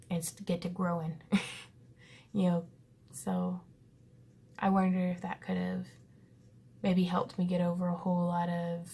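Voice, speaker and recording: Gravelly, husky woman in her thirties, rambling. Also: on the low side. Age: 30s. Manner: rambling and earnest, with frequent laughs and fillers. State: pensive. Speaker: vlogger. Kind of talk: casual reflective vlog talk.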